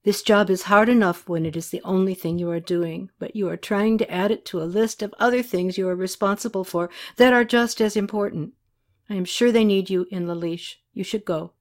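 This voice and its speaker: A woman reading a novel aloud, voicing a seasoned male field doctor who gives calm, blunt advice. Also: mid-range voice, brisk, natural voice. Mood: steady.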